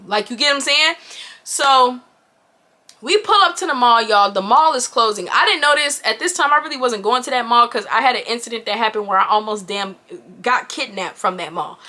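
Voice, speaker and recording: A young woman in her twenties tells a story to her viewers in a lively, chatty way. Her voice sits a little high and sounds bright and forceful. She keeps turning to the audience as she goes. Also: brisk. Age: 20s. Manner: animated, chatty, addresses viewers directly. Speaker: YouTuber. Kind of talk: casual storytime.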